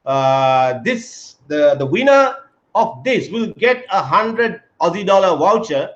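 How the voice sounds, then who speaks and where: Speaking slowly in a high, animated voice, this host keeps a casual live-stream chat going with plenty of filler words, calling his guest "mate." The recording sounds echoey, dull, and lo-fi.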